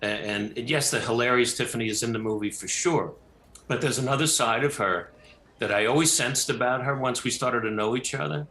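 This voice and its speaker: A man's voice: medium pitch, fairly quick, sharp tone, roomy sound, rough recording. An older man, a film director, tells a story at length in a talk show interview, with many restarts and fillers. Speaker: film director and actor, guest.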